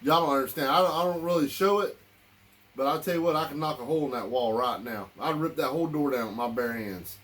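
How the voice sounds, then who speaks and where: A man's voice: medium pitch, quick pace, fairly bright tone. A man delivering a heated, repetitive political rant straight to his listeners. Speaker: political commentator.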